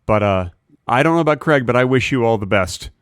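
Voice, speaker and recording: A man's voice: mid-range voice, animated, a little fast, clear, resonant tone, dry recording, studio quality. A man from Texas co-hosting a comedy podcast, chatting casually with playful teasing. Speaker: podcast co-host.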